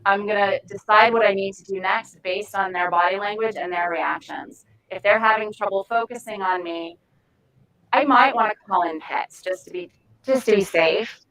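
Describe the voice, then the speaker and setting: A woman giving an informal training talk to volunteers. Her voice sits at an ordinary mid pitch. She speaks frankly and chattily, with plenty of lively asides. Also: normal speed, low-quality recording.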